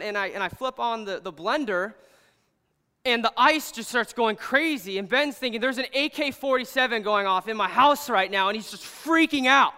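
A young man preaches in an easy, storytelling way, earnest and animated, his speech peppered with "like". His voice sits high and sounds bright. Long reverb rings around him in a large hall. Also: clean tone. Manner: earnest, animated, heavy use of "like". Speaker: pastor. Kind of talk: casual storytelling sermon.

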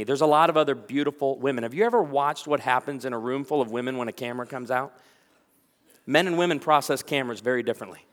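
A man preaching a sermon as a pastor, telling stories with lively energy and acting out the voices of people he quotes. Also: mid-range voice, fast, in a large hall.

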